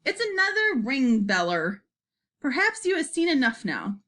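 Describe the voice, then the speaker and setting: A woman's voice: sits high, sing-song, unhurried, pushed and bright, heavily acted. A woman voicing a big, friendly old male giant who speaks with quirky, jumbled grammar. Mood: amused.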